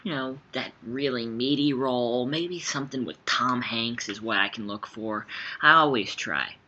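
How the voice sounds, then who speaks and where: A young man answering fun interview questions in a playful, jokey way, swinging between quiet asides and loud bursts. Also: mid-range voice, normal speed. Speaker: interviewee, actor. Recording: slightly dull sound with faint background noise.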